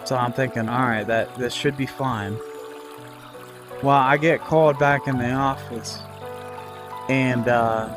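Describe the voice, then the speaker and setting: A man's voice: medium pitch, fairly even intonation, unhurried, pauses often, over music. A man telling a story about his job in a casual, rambling way, full of fillers and swearing. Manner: rambling, frequent fillers and profanity. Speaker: vlogger recounting a work dispute.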